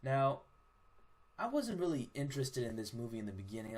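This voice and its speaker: A man's voice: medium pitch, sing-song, moderate pace. A young man casually reviewing movies on his own channel, blunt and profane, with frequent restarts.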